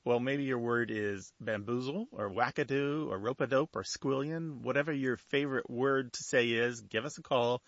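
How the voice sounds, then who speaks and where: A man's voice: mid-range voice, moderate pace, few pauses, dry recording, lo-fi sound. A man co-hosting a radio call-in show, explaining things in a thoughtful, conversational way.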